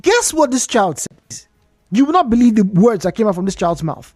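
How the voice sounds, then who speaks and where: Woman, Nigerian accent, radio host, animated storytelling, fairly high voice, dry studio sound. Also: a little fast, no echo, soft background music. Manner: animated storytelling, repeats points for emphasis. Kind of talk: radio talk monologue.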